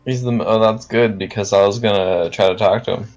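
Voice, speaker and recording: A man's voice: on the low side, steady tone, a little fast, darkish tone, lo-fi sound, soft background music. A man playing a tabletop role-playing game, joking and hesitant, with some swearing. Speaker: player. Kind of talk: casual tabletop game play.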